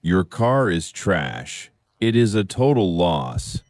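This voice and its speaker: A man voicing a stern police officer in a learner's storybook. His voice is deep and blunt, taken slowly, recorded close and dry. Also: sing-song, a little mellow, no echo, full character voice. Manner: blunt, matter-of-fact. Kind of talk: slow scripted story for learners.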